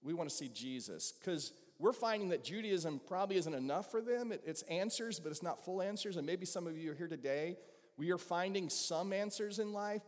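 A Southern man preaching to his church in an easy, conversational way, often turning questions out to the people in the pews. His voice sits a little high for a man. It rings out with the long reverb of a large sanctuary. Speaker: pastor. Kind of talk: sermon.

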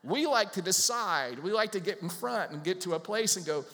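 A man preaching a sermon as pastor, animated, acting out little voices and putting questions to the congregation. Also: sits high, moderate pace, hardly any pauses. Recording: long hall reverb.

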